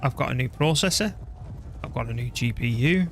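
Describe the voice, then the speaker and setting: A man's voice: mid-range voice, lively intonation, brisk, fairly bright tone, slight background noise. A man streaming a strategy game live, chatting away casually, poking fun at himself and talking back to his computer and the game as he plays. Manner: chatty, self-deprecating, talks to his PC and game while playing. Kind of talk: live gameplay commentary.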